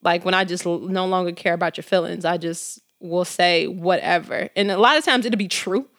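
A woman's voice: fairly low pitch, a little fast, a bit bright, dry recording. Outspoken woman podcast co-host, swears freely, dry close mic. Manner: blunt, outspoken, cusses. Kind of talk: casual chat.

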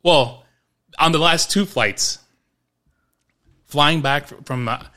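A man's voice: fairly high pitch, slow. A man from New York, co-hosting a podcast, telling a story in a casual chat, acting out quotes and laughing as he goes. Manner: animated, acts out quotes, laughs mid-story. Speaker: podcast co-host.

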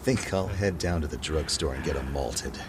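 An actor playing a mysterious, guarded stranger in an old-style radio drama. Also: male voice, very deep voice, animated, normal speed, background noise. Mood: cryptic. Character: mysterious man hiding his knowing secret. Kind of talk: 1950s-style radio acting.

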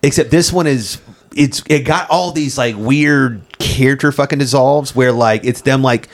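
A man's voice: medium pitch, normal speed. Rambling, swearing man chatting about films. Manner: rambling, heavy on "like" fillers and swearing; laughs often while retelling scenes. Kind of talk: casual film chat.

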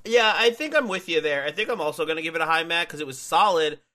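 Male podcast co-host, bright tone, rambling filler-heavy delivery. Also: a little high, fast talker. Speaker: podcast co-host reviewing wrestling matches. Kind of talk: casual chat.

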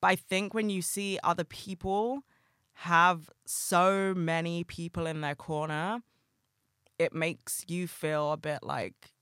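Frank, bright-voiced woman podcasting solo. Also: lowish voice, fairly even intonation, slow, clear, resonant tone, no echo, studio quality. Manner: frank, emotional, swears often. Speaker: podcast host. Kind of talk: candid solo podcast monologue.

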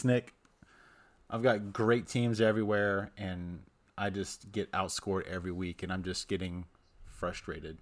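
A man's voice: deep voice, fairly even intonation, unhurried. Frustrated man ranting on a podcast. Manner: frustrated ranting, laughs at himself. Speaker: podcast co-host. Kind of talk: casual podcast banter.

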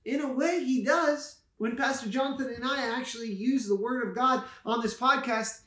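A very high-pitched, sharp-toned man speaks at a moderate pace, recorded with roomy echo. He's a pastor and podcast co-host who explains Bible passages casually, with a playful, enthusiastic, joking teaching style.

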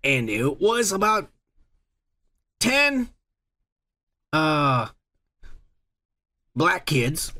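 A man's voice: fairly high pitch, sing-song, very slow, pauses often, pushed and bright. A man co-hosting a podcast, chatting casually in crude, profane, joking banter. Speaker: podcast co-host. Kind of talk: casual chat.

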